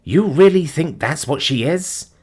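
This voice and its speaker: A man's voice: fairly high pitch, expressive, a little slow, darkish tone, pitched above the performer's own voice. A man doing a blunt uncle. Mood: steady. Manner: curt, firm. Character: British uncle, blunt, weary and firm.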